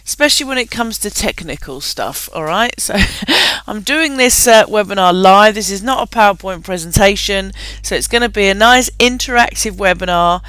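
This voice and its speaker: A woman's voice: mid-range voice, lively intonation, moderate pace, few pauses, fairly bright tone, clear, resonant tone, dry recording. A woman hosting a live online webinar. She talks in an upbeat, chatty way, laughs often and uses plenty of fillers. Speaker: webinar host.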